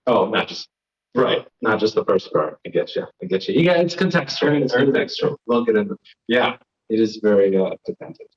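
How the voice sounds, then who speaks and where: A man's voice: fairly low pitch, animated, fairly quick. A young man from Florida doing a live stand-up set, rambling, self-deprecating and riffing with the crowd. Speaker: stand-up comedian and host. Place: comedy stage. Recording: lo-fi live stream audio.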